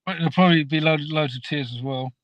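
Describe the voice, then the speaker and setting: A man from England chatting as a guest on a video call, soft-spoken and a little halting. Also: a little high, dry recording, highs cut off. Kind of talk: casual video call chat.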